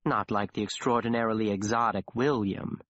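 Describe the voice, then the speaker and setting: A man voicing a spirited, sharp-tongued young woman in an audiobook, with an indignant, scornful manner. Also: fairly low pitch, steady tone, normal speed, no room sound, close to an everyday voice. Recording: dull dry audiobook recording.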